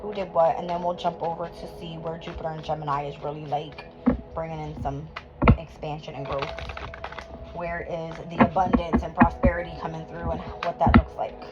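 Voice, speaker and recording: A woman's voice: deep voice, flat delivery, moderate pace. Woman, tarot reader, emotional, swears and laughs a lot, hot and sweaty, dull lo-fi sound, music behind. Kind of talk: live tarot reading to viewers. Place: indoor room at home.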